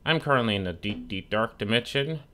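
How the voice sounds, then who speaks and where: A young man with a fairly low voice gives casual gameplay commentary. He swears freely and trash-talks the mobs that keep shooting him. A keyboard clacks softly in the background. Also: expressive, a little fast. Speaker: gaming streamer.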